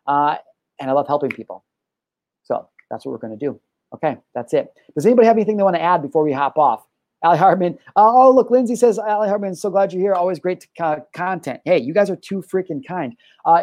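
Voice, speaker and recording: A man hosting his own live-streamed talk show, talking in an energetic, rambling, upbeat way with loud whoops. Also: fairly high pitch, no echo. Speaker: show host.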